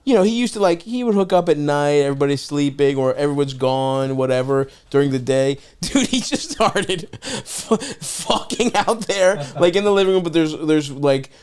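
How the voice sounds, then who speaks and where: A man with a fairly high voice hosts a podcast in loose, casual chat. He laughs constantly, swears freely and fills gaps with "yeah, yeah". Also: animated, moderate pace, few pauses, darkish tone, smooth. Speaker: podcast host.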